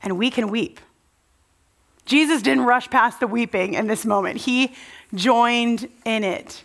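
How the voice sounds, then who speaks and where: A young woman preaching a sermon, telling the story earnestly and dropping to a soft, low voice at tender moments. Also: unhurried, vocal fry.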